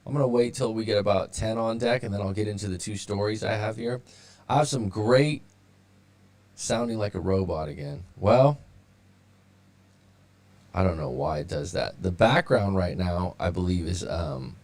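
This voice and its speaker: A man with a low, gravelly voice gives breakup advice on a casual live stream. He rambles with fillers and restarts, and his audio turns robotic now and then. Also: moderate pace, darkish tone. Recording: sounds robotic at times.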